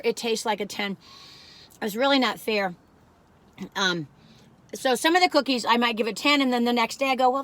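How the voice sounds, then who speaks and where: Reviewing cookies for her vlog, an older woman chats away and keeps getting sidetracked by tangents. Her voice is on the high side with a fairly bright tone.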